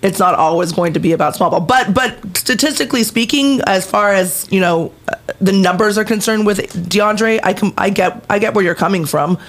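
A man's voice: high-pitched, normal speed, fairly bright tone. A man co-hosting a sports podcast, talking hesitantly with many fillers. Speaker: podcast producer, co-host. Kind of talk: casual sports talk.

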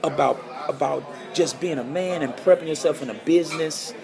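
Music plays behind this guest guitarist as he talks at normal speed in a creaky voice that sits on the high side. Telling stories for a podcast interview, he animatedly mimics the people he quotes.

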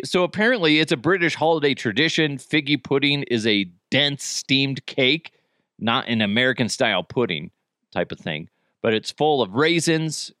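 A man's voice: medium pitch, pushed and bright, no echo, studio quality. A man in his thirties hosting a podcast in a goofy, jokey chat style, laughing often. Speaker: podcast host. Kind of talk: casual chat.

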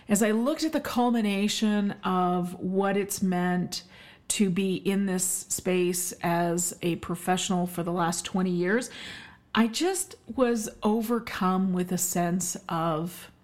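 A woman's voice: mid-range voice, slow pace. A middle-aged woman from Canada hosting her own podcast solo, talking in an emphatic, effusive way with many ums and uhs. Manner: warm, emphatic, effusive with frequent fillers. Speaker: podcast host, health expert.

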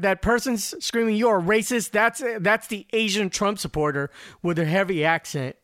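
A man's voice: high voice, fairly bright tone, no room sound, studio quality. A man hosting a podcast, talking through commentary in a casual, rambling way, often repeating words as he starts. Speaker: podcast host.

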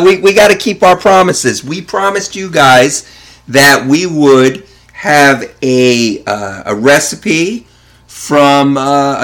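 Easygoing man hosting a podcast. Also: on the high side. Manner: relaxed, chatty, self-correcting. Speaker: podcast host. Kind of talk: casual podcast chat and reading a recipe aloud.

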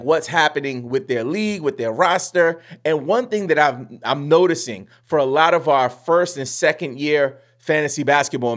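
Casual podcast host, young man, slangy and chatty, voice on the higher side. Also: fairly bright tone. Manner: chatty, slangy, acts out listeners' reactions. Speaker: fantasy basketball podcast host.

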